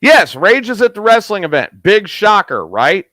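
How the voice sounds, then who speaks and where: A man hosts a late-night show in a casual, crude, rambling way. His voice sits a bit high and leaps around a lot as he gets excited. The sound is dry and close, with no room echo. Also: moderate pace. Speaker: host.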